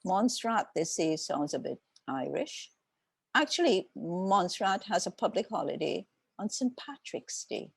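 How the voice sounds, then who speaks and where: Older trini lady, author being interviewed, low husky gravelly voice, dry close sound, takes her time. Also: very animated, no room sound. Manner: reflective, unhurried storytelling. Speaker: author guest. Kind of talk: conversational interview.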